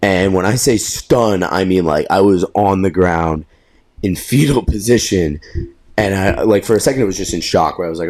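A young man co-hosting a podcast, telling a story in a casual, animated way, swearing freely and laughing at himself. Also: sits low, a little fast. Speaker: podcast co-host.

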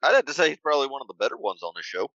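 A man's voice: medium pitch, big pitch swings, racing, bright, forceful tone, no room sound, highs cut off. A man co-hosting a casual movie podcast, trading crude, teasing jokes with his co-host.

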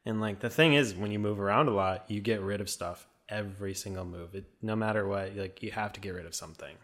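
A young man talks as a podcast guest in a loose, rambling way, his sentences full of filler words. His voice sits a bit low for a man. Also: fast talker, a bit bright. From American Midwest. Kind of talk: casual conversation.

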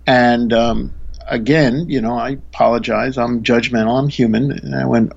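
A man's voice: mid-range voice, fairly even intonation, normal speed, vocal fry, a little mellow, slightly rough, dull audio. A man, a spiritual teacher, earnestly telling a story in a conversation, often restarting his sentences.

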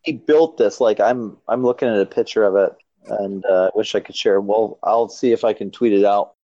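A male podcast co-host talks casually, dropping wry, deadpan remarks. His voice sounds dull and close on a dry, lo-fi mic. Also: fairly low pitch, normal speed, dry recording. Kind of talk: casual chat.

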